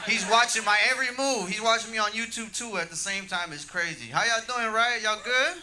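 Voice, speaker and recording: Fast-talking comic bantering with the crowd. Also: male voice, high voice. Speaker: stand-up comedian. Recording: live club with audible room noise.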